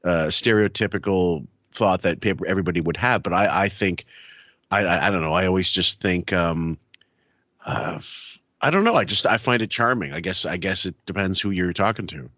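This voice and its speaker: A man talks casually on a podcast, searching for words and restarting often. His voice is very low. The sound is dry and close. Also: lively intonation, normal speed, pushed and bright, no echo. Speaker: podcast co-host. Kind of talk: casual chat.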